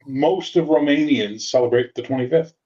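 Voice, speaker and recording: A man's voice: mid-range voice, normal speed, a little mellow. Joking man on a dull-sounding recording. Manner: joking, profane, uses "like" as filler. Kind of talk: casual chat.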